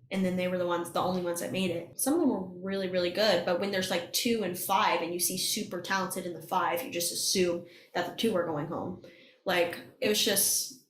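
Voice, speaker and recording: A young woman, a singing contestant, chatting casually as a podcast guest and acting out what people said, with plenty of laughs. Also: fairly low pitch. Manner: animated storytelling, acts out quotes, laughs often. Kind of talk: casual chat. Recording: roomy echo.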